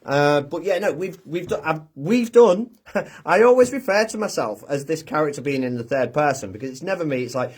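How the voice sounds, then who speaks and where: A man's voice: on the high side, big pitch swings, brisk, darkish tone, slightly rough. A British man from the UK hosting a casual livestream, chatting and chuckling as he reads out viewer comments into his phone. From United Kingdom. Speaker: livestream host. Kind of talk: casual live chat reading viewer comments.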